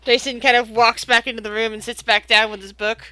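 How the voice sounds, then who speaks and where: A woman game master narrating a live-streamed tabletop game, chatty, laughing often and restarting her sentences. Her voice is fairly high and bright, with a crisp, clear tone. The sound is close and dry. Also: flat delivery, brisk, no room sound.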